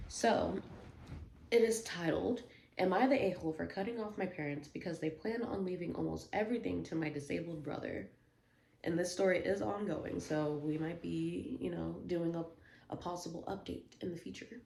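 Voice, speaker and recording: Woman reading reddit posts, low gravelly voice, loud slangy commentary, kinda echoey room. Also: normal speed, a little hiss or hum. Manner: emphatic, slangy asides to viewers. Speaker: storytime channel host reading Reddit posts. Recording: roomy echo.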